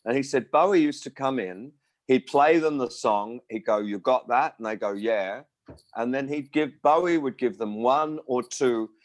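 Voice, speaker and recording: A man's voice: medium pitch, moderate pace, dry recording. A man in his sixties from Australia, talking casually in an interview as a musician, rambling through stories and acting out the voices of people he quotes. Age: 60s. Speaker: musician guest.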